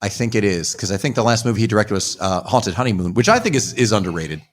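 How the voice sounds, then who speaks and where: A man's voice: fairly low pitch, big pitch swings, quick pace. A man hosting a podcast, chatting casually and rambling with lots of restarts and asides. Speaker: podcast host. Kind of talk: casual chat. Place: live stream in front of a comic shop.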